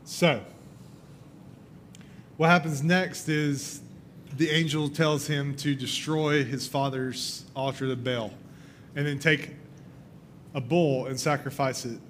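Male preacher, sermon, animated storytelling, acts out the lines, slightly high voice, faint rumble. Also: takes it slowly, pauses often.

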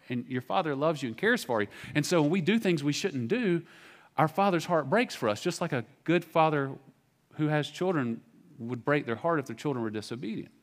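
Pastor guy preaching, mid-pitched voice, chatty and candid, lots of restarts and ums. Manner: conversational and candid, with frequent fillers and restarts. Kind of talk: sermon. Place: church sanctuary.

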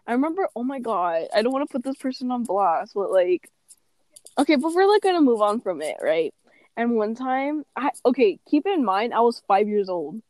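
A woman's voice: fairly high pitch, big pitch swings, moderate pace, a little mellow, no room sound. A woman telling a rambling childhood story in casual chat, laughing often and acting out her own lines. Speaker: podcast host.

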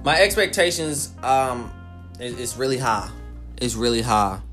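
A man's voice: medium pitch, animated, unhurried, a bit bright, soft background music. A man hosting a podcast in casual, rambling chat with joking asides. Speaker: podcast host.

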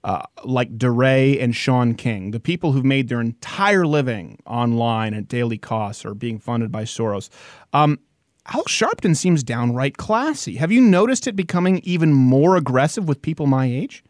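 A young man hosting a casual podcast, jokey and animated, laughing often. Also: mid-range voice, normal speed, dry recording, studio quality. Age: young adult. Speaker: podcast host.

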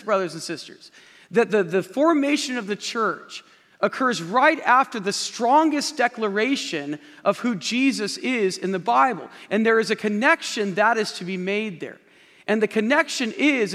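Male pastor preaching emphatically from a big church stage; fairly high voice carrying a long room echo. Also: a bit bright. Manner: emphatic preaching, repeats key phrases, addresses the congregation directly. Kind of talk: sermon. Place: large church auditorium with a stage. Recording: long reverb of a large hall.

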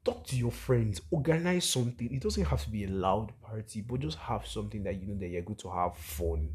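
A man's voice: on the low side, expressive, fast talker, hardly any pauses, darkish tone, slightly rough. A young man hosting a solo podcast, talking animatedly and preachily with lots of rhetorical questions. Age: young adult. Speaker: podcast host. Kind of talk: casual solo podcast monologue.

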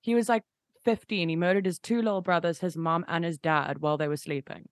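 A woman's voice: lowish voice, steady tone, a little fast, no echo. A young woman musician talking as a guest in a casual interview, gushing and rambling with many fillers and restarts.

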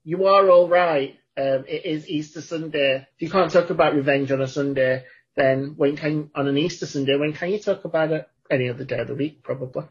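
A man co-hosts a podcast in deadpan, crude banter. His voice is husky and a bit breathy. The recording sounds dull and lo-fi. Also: fairly high pitch, a little fast. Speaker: podcast co-host. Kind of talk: casual chat.

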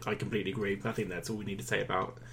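A man's voice: fairly low pitch, flat delivery, racing, gravelly, fairly bright tone, slight background noise. A man co-hosting a film review podcast, chatting casually with a wry, teasing manner.

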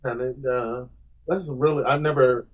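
A man's voice: mid-range voice, fairly even intonation, moderate pace, lo-fi sound. A man answering podcast interview questions about his comics, earnest and emphatic, often repeating words as he starts a thought. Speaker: guest comic book creator.

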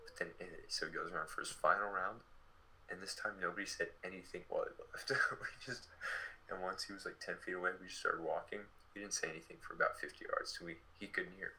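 A man's voice: deep voice, quick pace, slight background noise, rough recording. A young man in his late teens telling a story in a casual, chatty way, full of fillers. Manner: chatty, many fillers, lively retelling.

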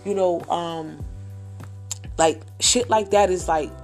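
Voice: medium pitch, takes it slowly, soft background music. A speaker telling a personal story in a casual, heated, profane way, often repeating phrases. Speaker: vlogger.

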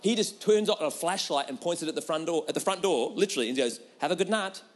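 A man's voice: a little high, lively intonation, fast talker. A man preaching a humorous sermon, telling a personal story with laughter and a repeated rhetorical question.

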